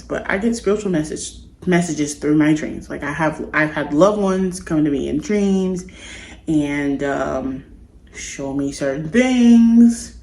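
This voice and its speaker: A woman's voice: low-pitched, a little mellow. A woman vlogger telling a personal story to camera in an earnest, confiding, meandering way. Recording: echoey room.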